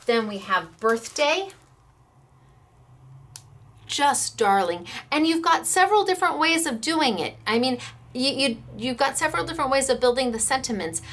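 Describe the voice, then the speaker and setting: A chatty American woman with a fairly high voice walks viewers through craft supplies, gushing over each product as she shows it. Her talk is casual and enthusiastic, like a shop owner on a live demo. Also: animated, normal speed, fairly bright tone.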